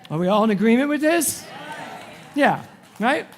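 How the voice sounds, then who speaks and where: A man in his forties, a spiritual director, giving a sermon to a congregation with animated, humorous storytelling. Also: very high voice, normal speed, a faint crowd, slight background noise. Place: church service before a congregation.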